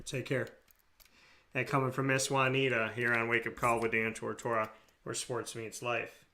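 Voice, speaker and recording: Earnest, forceful-voiced American talk host. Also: male voice, mid-range voice, little pitch movement, normal speed. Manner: earnest, repetitive, passionate emphasis. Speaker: radio show host. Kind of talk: heartfelt talk show monologue.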